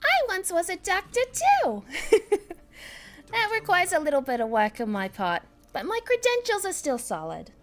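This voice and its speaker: A woman voicing a bubbly female adventurer-doctor in a squeaky, nasal voice while playing a game. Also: wildly swooping pitch, normal speed, a bit bright, soft background music, heavily acted. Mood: playful. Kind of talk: voicing a game character live.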